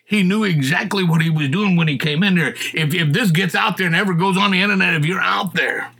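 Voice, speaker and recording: A middle-aged man tells his personal story in a folksy, earnest way. His voice is bright and forceful, with a husky grain, and sits a little high for a man. He builds to loud, impassioned appeals. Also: a little fast. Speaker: guest telling his testimony. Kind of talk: personal testimony.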